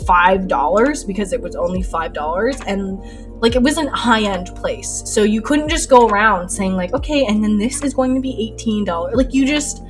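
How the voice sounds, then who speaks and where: A woman's voice: mid-range voice, animated, normal speed. A young adult woman streaming while she paints, chatting casually, laughing often and telling stories animatedly. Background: soft lo-fi music.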